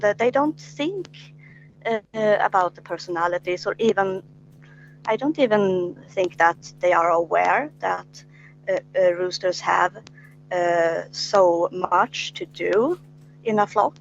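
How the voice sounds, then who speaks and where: A woman's voice: fairly low pitch, slow pace, creaky. A woman from Sweden, hosting a podcast chat, hesitant and full of filler sounds. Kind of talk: casual interview chat. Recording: dull with faint hum.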